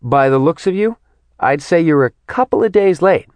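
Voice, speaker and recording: A man's voice: a little high, very animated, unhurried, a little mellow, dry recording, pitched above the performer's own voice. A man putting on a sassy, teasing young woman. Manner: bold, mocking, playful.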